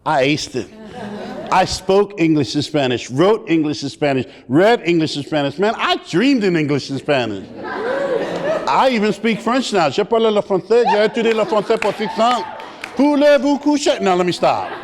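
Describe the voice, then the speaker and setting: A man speaking on stage, telling a personal story in a lively, joking, animated way. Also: sits high, moderate pace, a crowd in the background. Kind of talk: comic personal storytelling speech. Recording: long hall reverb.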